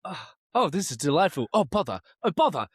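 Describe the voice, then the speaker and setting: A man putting on a fussy, high-voiced English racing driver, fretting in a prissy squeak. His pitch shoots way up and swings all over the place. The sound is dry and close, with no room behind it. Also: sing-song, brisk, husky, no echo, exaggerated voice. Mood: flustered. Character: panicking young male racing driver, posh and fussy.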